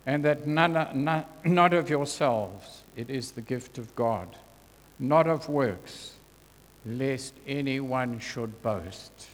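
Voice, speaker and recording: Slow man preaching in a hall. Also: mid-range voice. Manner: earnest, slow and deliberate, dropping soft on scripture quotes. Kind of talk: sermon. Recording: long hall reverb.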